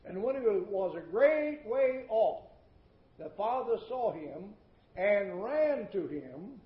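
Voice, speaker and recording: A man preaching a sermon in a church, folksy and emphatic, swinging between loud declaiming and hushed asides, repeating words for effect. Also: high voice, big pitch swings, slow pace. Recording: echoey, dull old recording.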